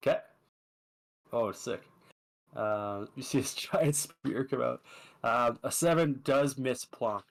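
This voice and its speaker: A man running a tabletop game as its dungeon master, chatty and quick, with lots of fillers. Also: medium pitch, vocal fry.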